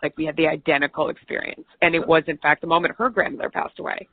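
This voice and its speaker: A woman's voice: low-pitched, steady tone, fast talker. A woman, a TV news host, telling chatty, self-deprecating stories as an interview guest. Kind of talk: conversational storytelling. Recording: tinny phone-like line, dry.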